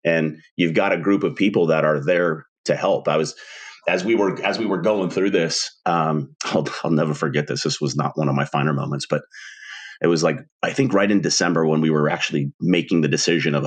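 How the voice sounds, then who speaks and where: A man in his forties co-hosting a podcast, telling stories in a lively way and acting out the dialogue. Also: extremely low pitch, brisk, husky. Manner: animated storyteller, acts out dialogue. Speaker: podcast co-host. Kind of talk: casual podcast chat.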